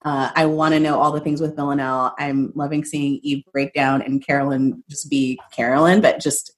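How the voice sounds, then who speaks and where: A woman on a podcast thinks aloud about an episode, hesitant and often trailing off. Her voice is notably low for a woman. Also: level tone, normal speed. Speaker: podcast co-host. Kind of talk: casual chat reacting to a TV episode.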